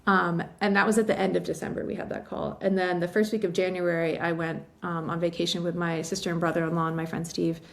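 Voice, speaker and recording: A woman from western Massachusetts, a novelist guest telling a story in a chatty interview, full of fillers and quick laughs, a little teary. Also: on the low side, flat delivery, vocal fry. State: emotional, teary.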